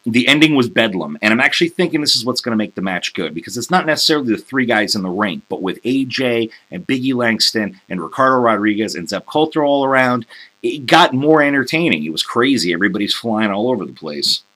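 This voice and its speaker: A man's voice: mid-range voice, expressive, fast, bright, forceful tone. A man hosting a solo wrestling recap, mocking and sarcastic, with crude jokes and frequent ums. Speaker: wrestling show reviewer.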